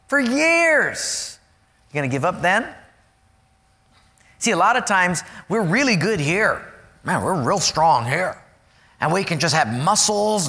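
A man preaching a sermon, animated and storytelling, acting out voices to make his points. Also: high voice, in a large hall. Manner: animated, acts out voices and stories.

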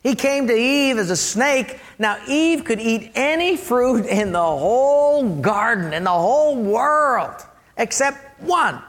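A male pastor delivers a sermon, emphatic and animated, tossing questions out to his listeners. His voice sits high and swings widely in pitch. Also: takes it slowly.

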